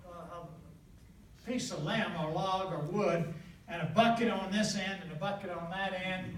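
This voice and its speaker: An older man from the southern United States, a traveling evangelist, telling his testimony in a folksy, animated way with laughter. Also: sits high, normal speed. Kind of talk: storytelling testimony in conversation. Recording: echoey room, distant mic, faint noise.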